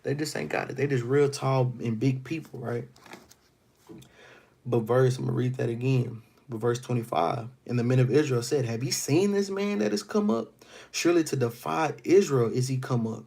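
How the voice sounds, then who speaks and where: A man leads a Bible study in a gravelly, husky voice. He reads a passage aloud and then retells it in casual street slang. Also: mid-range voice, fairly even intonation, moderate pace, darkish tone. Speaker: Bible teacher.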